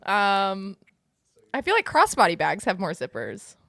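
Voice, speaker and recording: A woman's voice: mid-range voice, huge pitch swings, a little slow, creaky, fairly bright tone, dry recording, studio quality. A young American woman co-hosting a fitness podcast in casual, teasing chat with lots of fillers. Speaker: podcast co-host. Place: podcast studio.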